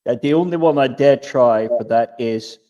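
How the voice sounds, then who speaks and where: A man's voice: medium pitch, normal speed, warm tone, lo-fi sound. A man co-hosting a podcast, hesitant and searching for words in casual chat. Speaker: podcast co-host.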